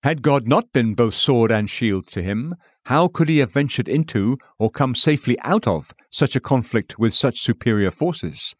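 A man giving a scripted devotional reading, measured, slowing and lifting his voice for quoted scripture. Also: mid-range voice, lively intonation, no echo, clean studio sound. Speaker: devotional reader.

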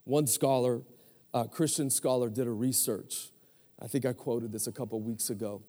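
A man in his forties preaching a sermon as pastor, with energetic call-and-response to the congregation. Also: mid-range voice, normal speed, in a large hall. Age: 40s.

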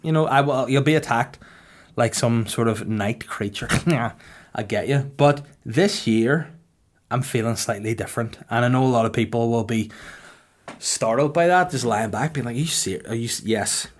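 Male podcast host, 30s, deadpan and teasing, mid-range voice. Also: mid-range voice, normal speed. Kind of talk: casual podcast chat.

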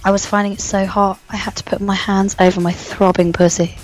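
A woman co-hosting a podcast in a hoarse, gruff voice that sounds posh, reading mock-erotic passages with crude, teasing humour. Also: mid-range voice, flat delivery, faint music behind, rough recording. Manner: crude, teasing, reads in slow deliberate tones. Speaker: podcast co-host.

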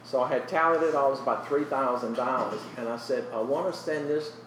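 A middle-aged man telling his personal faith testimony earnestly, often going soft and emotional as he recalls it. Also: medium pitch, fairly quick, reverberant, far from the mic, slight background noise, rough recording. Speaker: guest sharing his testimony. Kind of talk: personal testimony in a Christian interview.

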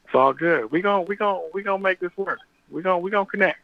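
A man in his late thirties calling in to a podcast, warm and a little emotional, repeating himself as he talks. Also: sits high, a little fast, gravelly. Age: 30s. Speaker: caller. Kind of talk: phone call on a podcast. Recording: phone line audio.

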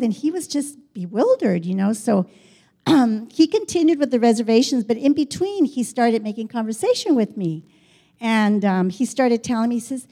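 A woman's voice: on the high side, normal speed, husky. An older woman telling a personal story in a chatty way, acting out the dialogue as she goes. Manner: chatty, animated, quotes dialogue, frequent restarts.

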